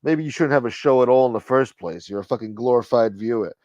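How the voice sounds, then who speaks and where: A man's voice: quick pace, a little mellow, no room sound, muffled recording. A man trading profane jabs on a live talk stream, mocking and brash. His voice sits in an ordinary middle range. The sound is dry and close, with no room around it. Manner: profane, mocking, puts on squeaky voices in bits. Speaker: live show host. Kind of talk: profane casual banter.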